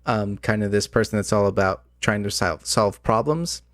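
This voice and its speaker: With a fairly low, fairly bright voice at a moderate pace, this man hosts a podcast as game master, chatting loosely about tabletop games. Fillers and restarts pile up and his voice is wearing a little thin, captured in dry, studio-quality sound.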